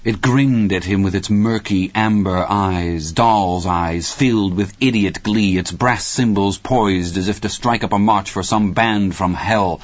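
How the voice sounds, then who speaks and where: A man narrating an audiobook in a measured, steady reading. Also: deep voice, no echo. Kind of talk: scripted narration. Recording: dry, slightly muffled studio recording.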